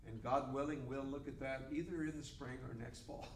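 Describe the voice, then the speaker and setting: An older man with a mid-range, fairly even voice speaks fairly quickly, teaching a group Bible study in a folksy, joking style. A roomy mic picks him up from far off, with faint noise.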